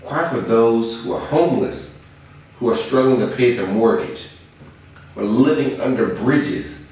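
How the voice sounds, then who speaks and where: A young man in a dramatic spoken-word confession, earnest and moving between hushed and impassioned lines. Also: mid-range voice, measured pace. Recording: very echoey room, far from the mic, faint hiss.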